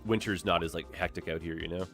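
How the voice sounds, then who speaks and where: A man's voice: low voice, fairly even intonation, quick pace, fairly bright tone, faint music behind. A young man chatting casually while live-streaming a city-building game, upbeat and full of "like" and "eh?".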